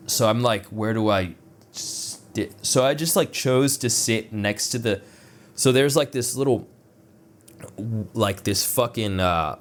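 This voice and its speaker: A young man with a fairly low voice tells a story off the cuff, rambling and swearing, piling on filler words and laughing at his own jokes. A faint hum sits under the recording. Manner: acts out other people's lines in quoted voices. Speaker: vlogger. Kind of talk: casual storytelling.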